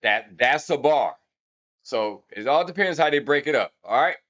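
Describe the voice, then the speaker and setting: A man's voice: mid-range voice, animated, normal speed, fairly bright tone. A man hosting a hip hop breakdown channel, talking casually and brashly to his viewers and counting out beats aloud to explain rhythm. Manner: brash, talks straight to viewers. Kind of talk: casual music breakdown commentary.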